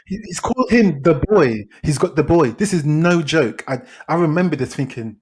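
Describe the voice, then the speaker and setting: A man retelling a film plot in casual podcast chat, animated and exasperated, with frequent restarts. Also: on the high side, a little fast, hardly any pauses, slightly rough. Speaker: podcast host, film reviewer.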